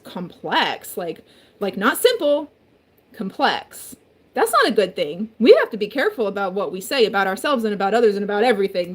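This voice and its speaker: A vlogger with a husky, mid-range voice chats from her kitchen in a loose, rambling home video. Her voice has been altered by a throat injury, and she fills the talk with filler words and profanity.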